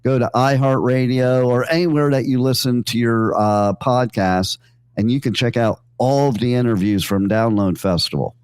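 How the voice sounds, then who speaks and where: A man's voice: medium pitch, moderate pace, a little mellow, clear, resonant tone, no room sound. A man hosting a radio show, telling loose, joking stories with many fillers and asides. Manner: rambling, jokey, full of fillers and asides. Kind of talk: casual on-air storytelling. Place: radio studio.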